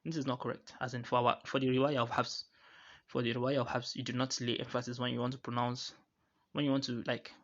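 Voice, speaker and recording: A man teaching Quran recitation rules, pausing and restarting often and slowly drawing out each recited example. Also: medium pitch, flat delivery, lo-fi sound. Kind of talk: explaining tajweed rules to students.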